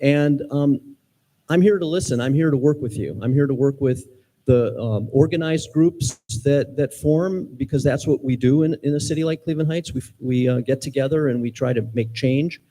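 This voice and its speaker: A middle-aged man from Ohio speaking as a mayoral candidate, sincere but halting, with many ums and restarts. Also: medium pitch, warm tone, poor audio. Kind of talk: campaign speech at forum.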